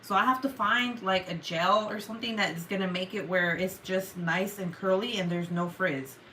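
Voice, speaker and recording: A woman's voice: mid-range voice, fairly even intonation, moderate pace, bright, forceful tone, slight background noise, rough recording. A woman with a Mexican Spanish accent, a native Spanish speaker, hosting a casual livestream chat and reading out viewer comments in a chatty, profane way, with lots of "like" and "um". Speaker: livestream host.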